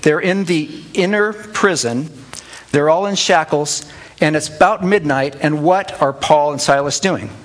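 A middle-aged man leads a relaxed church Bible lesson in a slightly raised voice. He talks conversationally and breaks off to call on people in the room by name. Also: a little high. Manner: conversational, addresses listeners by name, animated asides. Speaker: pastor teaching a church group. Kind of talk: informal Bible teaching.

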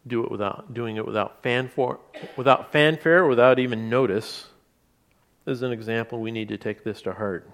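A man preaching a sermon in a relaxed, conversational way, with asides and restarts. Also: medium pitch, moderate pace. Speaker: pastor.

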